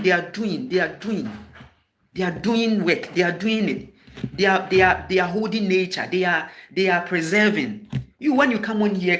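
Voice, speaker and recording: A man's voice: high voice, slight background noise. Scolding Ghanaian man, fiery rhetorical questions. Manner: scolding, emphatic, repeats sharp rhetorical questions. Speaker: spiritual teacher. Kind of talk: impassioned spoken address.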